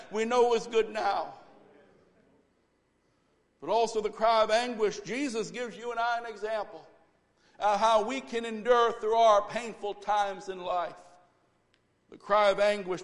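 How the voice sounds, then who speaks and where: A pastor preaching a sermon, building to fervent, repeated exhortations. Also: male voice, high-pitched. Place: church sanctuary. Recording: long church reverb.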